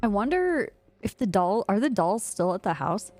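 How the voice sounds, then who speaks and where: A woman's voice: medium pitch, big pitch swings, moderate pace, darkish tone. Giggly rambling woman streamer. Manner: giggly, rambling storytelling with frequent laughs. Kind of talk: casual chat while gaming. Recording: faint music behind.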